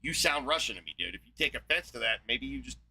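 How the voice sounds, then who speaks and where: A man's voice: mid-range voice, big pitch swings, fast talker, pushed and bright, husky, rough recording. A man with a Southern US accent, hosting a heated debate in a brash, profane and mocking way. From Southeast United States. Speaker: debate show host.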